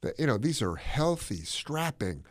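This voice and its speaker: A man co-hosting a podcast, talking his opinions in a casual, animated way. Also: mid-range voice, unhurried, no room sound, studio quality. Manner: animated, opinionated, drops into playful put-on accents. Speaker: podcast co-host.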